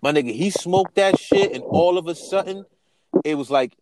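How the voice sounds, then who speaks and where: A man's voice: sits high, moderate pace, very noisy. A man co-hosting a podcast, telling stories in casual, profane chat, acting out quotes and laughing often. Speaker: podcast co-host.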